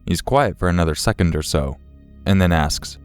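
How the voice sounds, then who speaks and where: A man narrating true horror stories in a steady, measured, scripted read. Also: low voice, clean tone, soft background music. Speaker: story narrator.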